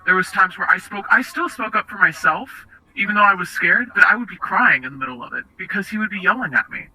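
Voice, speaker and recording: A young woman being interviewed, recounting personal experiences in a halting, hesitant way with many restarts. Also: mid-range voice, animated, sharp tone, husky, low-quality recording. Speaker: interview guest.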